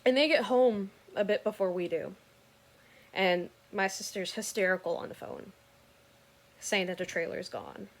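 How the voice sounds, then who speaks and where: A woman's voice: mid-range voice, measured pace. A woman earnestly recounting a personal story in casual, rambling talk that often corrects itself mid-sentence.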